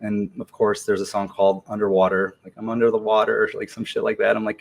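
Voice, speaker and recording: A man in his forties talks as a podcast guest in a low voice that barely rises or falls. He is laid-back and slangy, and he keeps stopping on ums and starting his sentences over. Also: brisk, vocal fry. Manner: relaxed, slangy, many ums and restarts. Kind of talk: casual storytelling interview.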